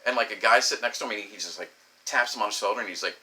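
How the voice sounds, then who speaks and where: A middle-aged man telling a crude personal story, animated and swearing freely. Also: mid-range voice, moderate pace. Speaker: comedic storyteller.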